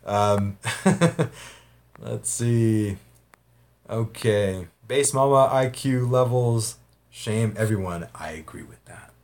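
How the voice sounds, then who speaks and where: A rambling man chats casually on his livestream, reading out viewer comments. His voice sits a little low, and he laughs and swears freely as he talks. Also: slow, darkish tone. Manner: rambling, profane, laughs often.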